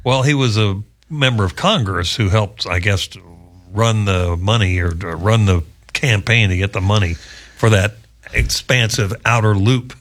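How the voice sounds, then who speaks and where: A man's voice: on the low side, moderate pace, a bit bright. A male radio show host, chatting casually in a rambling, joking way with wry asides. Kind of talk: casual chat.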